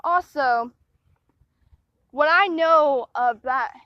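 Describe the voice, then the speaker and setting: A young woman with a high voice rambles slowly through a personal story, stopping and restarting as she grows indignant. The recording is dry and dull, with a muffled lo-fi sound. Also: dry recording. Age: young adult. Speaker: vlogger.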